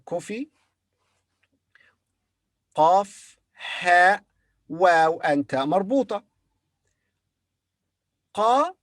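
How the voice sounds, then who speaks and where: A man's voice: high-pitched, no room sound. A man teaching a beginner language lesson, spelling each word letter by letter and repeating it several times. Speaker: Arabic teacher.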